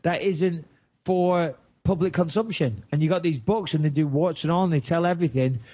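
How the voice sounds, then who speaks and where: A podcast host from England with a Lancashire accent chats bluntly and swears freely while animatedly retelling a story. His voice is a little high and his speed is normal, in a lo-fi recording.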